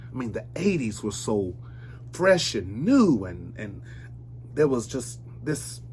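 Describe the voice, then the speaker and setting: A man in his forties chats his way through unboxing records. He speaks at an unhurried, slow pace and drifts between thoughts, often stopping to correct himself. A faint hum sits under his voice. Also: mid-range voice, big pitch swings, a little mellow. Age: 40s. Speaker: vinyl collector vlogger. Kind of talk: casual unboxing chat.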